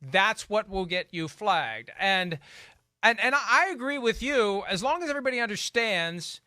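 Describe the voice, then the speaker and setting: A man hosting a sports talk show, talking in a brisk, sardonic, lawyerly way. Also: sits high, animated, pushed and bright, no room sound, clean studio sound. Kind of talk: casual studio sports talk.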